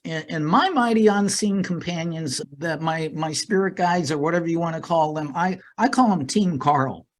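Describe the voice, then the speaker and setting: A middle-aged man guesting on a podcast, talking earnestly with many fillers and repeated words. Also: on the high side. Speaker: podcast guest, life coach. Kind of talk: casual interview talk.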